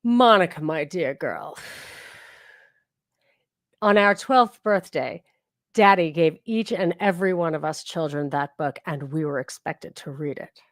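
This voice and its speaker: A woman imitating her elderly aunt, a genteel older lady with old-fashioned mid-Atlantic speech and slow, precise diction. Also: deep voice, no room sound, clean studio sound, voice pushed down. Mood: fondly stern.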